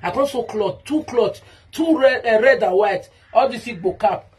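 A woman's voice: a little high, normal speed, a little mellow, breathy edge. A woman with a Nigerian Pidgin accent ranting in a vlog monologue, heated and repetitive as she calls someone out by name. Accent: Nigerian Pidgin English. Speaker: vlogger.

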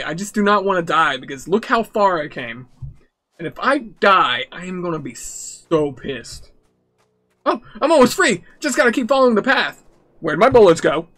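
Jokey young man narrating a horror game. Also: high-pitched. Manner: jokey, nervous, excitable. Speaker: gamer. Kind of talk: let's-play commentary.

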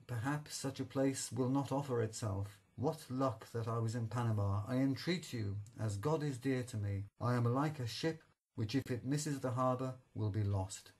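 Weary pleading old soldier, 70s, read by a man, audiobook, middle-pitched. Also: a little mellow. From Poland. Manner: earnest, entreating. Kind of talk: audiobook character reading.

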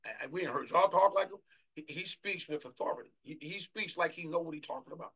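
Male preacher, sermon, fervent, bright tense voice, slightly high pitch. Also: breathy edge. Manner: fervent, shouting bursts, drawn-out scripture reading. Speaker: apostle preaching.

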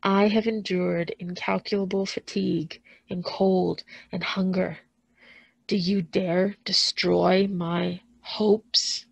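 A woman reading aloud, voicing a wretched, vengeful male creature in a smothered, low, hushed voice, speaking slowly and sometimes sinking into whispers. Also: fairly even intonation, gravelly, husky, no echo, exaggerated voice. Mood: smothered menace. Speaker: school librarian.

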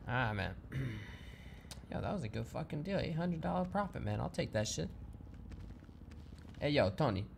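A man's voice: mid-range voice, expressive, measured pace, creaky, long pauses, slight background noise. A man role-playing a swaggering, profane street tough in a video game. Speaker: streamer role-playing a gun dealer. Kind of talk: in-character role-play banter.

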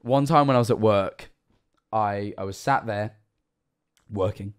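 A tipsy man in his twenties streaming live, rambling through a story, jumping from loud outbursts to hushed asides. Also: fairly low pitch, a little slow, slight background noise. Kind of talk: casual live-stream chat.

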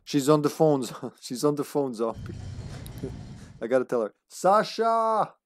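A man's voice: mid-range voice, fairly even intonation, moderate pace, a little mellow, a little hiss or hum. Male streamer, loose conversational play-by-play, easy laughs. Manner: chatty, rambling, laughs often. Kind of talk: casual gameplay commentary.

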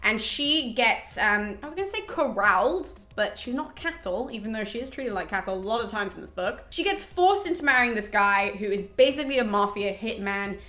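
A woman's voice: a little high, lively intonation, a little fast, hardly any pauses, bright, forceful tone, reverberant. A young woman hosting a book review channel, chatting casually and upbeat with plenty of fillers, her voice slightly cracking from a cold. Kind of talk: casual chat to camera.

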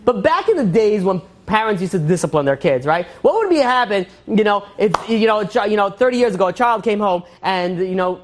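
A man teaches a relaxed religious class, racing through parables about kings and diamonds in a loose, rambling way. He is packed with fillers and restarts, and he slips into quick voices for the characters. His delivery is brisk and chatty, not polished. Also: high voice. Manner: rambling storyteller, many fillers, acts out quotes. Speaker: rabbi. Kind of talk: informal Torah class.

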